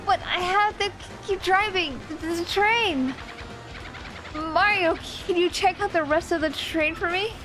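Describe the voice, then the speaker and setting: A woman's voice: very high voice, a little slow, music in the background, voice pushed up. A woman voicing a nervous, polite male train engineer in a video game, stammering over his words. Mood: flustered.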